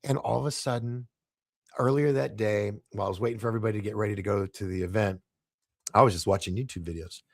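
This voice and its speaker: A man guest on a podcast, telling a story in a casual, animated way, laughing often and stumbling over his words. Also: lowish voice, quick pace, no room sound, studio quality.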